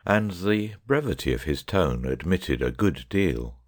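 Very deep-voiced man reading an audiobook. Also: expressive, measured pace. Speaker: audiobook narrator. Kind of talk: audiobook narration.

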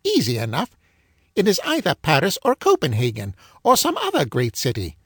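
A smug know-it-all magician from a storybook, as a man puts him on. The voice leaps high and races ahead, sliding up and down with theatrical emphasis. A slight huskiness sits under it, and the sound is close and dry. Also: breathy edge, no echo, full character voice. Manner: lively, high and rushing with emphatic swoops.

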